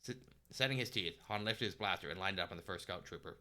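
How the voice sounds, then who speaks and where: A man narrating a story aloud on a live stream, steady with small restarts. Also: low voice, quick pace.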